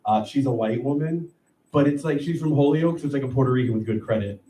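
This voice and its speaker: A man's voice: medium pitch, fast. A man from Bridgeport, Connecticut doing a stand-up set, loose and profane, laughing through his bits. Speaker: stand-up comic. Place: small live comedy venue. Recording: echoey live room, far mic, loud crowd noise. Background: audience laughter and room ambience.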